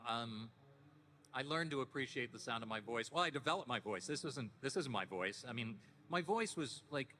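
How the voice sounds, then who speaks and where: A man in his fifties, a voice actor guest at a panel, telling stories casually in a deepened, relaxed voice with frequent restarts. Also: normal speed, a little hiss or hum. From Canada. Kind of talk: casual anecdotal panel talk. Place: convention panel hall. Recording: echoey convention hall.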